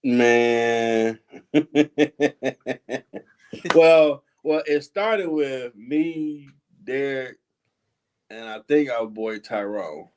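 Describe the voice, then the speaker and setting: A man's voice: mid-range voice, extremely slow, pauses often, smooth. A man, telling childhood stories as host in casual chat and acting out the voices of the people in them. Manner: animated, laughing, acts out quoted voices.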